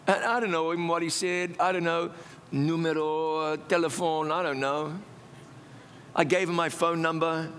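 High-voiced man telling a lively testimony. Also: normal speed, big-room sound, a little hiss or hum. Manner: animated, self-mocking storyteller. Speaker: preacher. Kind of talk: sermon testimony storytelling.

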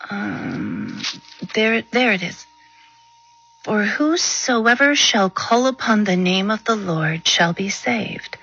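An actress playing a devout Christian mother who talks gently and slowly in a husky voice. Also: mid-range voice, sing-song, highs cut off, heavily acted. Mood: gentle. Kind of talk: dramatized testimony reenactment.

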